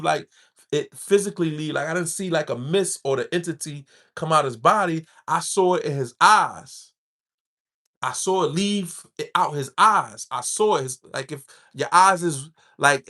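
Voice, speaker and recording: A man's voice: high-pitched, bright, forceful tone. A middle-aged man hosting a show, talking with passion in a street-inflected style and repeating himself for emphasis. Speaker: podcast host. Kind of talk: impassioned casual talk.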